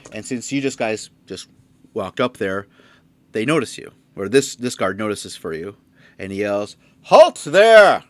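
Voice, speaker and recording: Halting male game master. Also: on the low side, no room sound. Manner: halting, with many fillers and restarts. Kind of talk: narrating a tabletop game.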